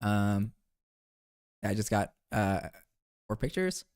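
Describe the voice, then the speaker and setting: Young male streamer, casual rambling recap, animated pitch, dry close sound. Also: slow pace, smooth, no room sound. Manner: rambling, playful, calls viewers bro. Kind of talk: casual chat over photos.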